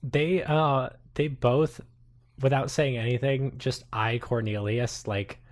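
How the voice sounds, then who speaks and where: A man narrating a tabletop game as game master, hesitant and full of pauses but animated. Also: mid-range voice.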